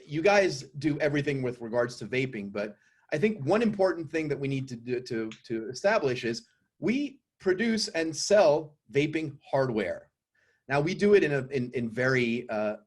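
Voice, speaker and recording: A French-accented man presents his business to a panel over a video call. His voice sits at an ordinary middle pitch, and he speaks with plenty of hesitations and a light, joking touch. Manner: hesitant, many filler sounds, self-deprecating humor. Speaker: company founder pitching to judges.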